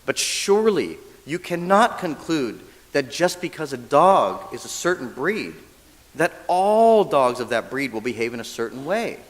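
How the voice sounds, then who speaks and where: Speaking a little slowly in a mid-range voice, this minister gives a lighthearted dharma talk in a church hall, often checking in with listeners by asking "right?" He animatedly performs quoted voices, and the hall's reverb rings long.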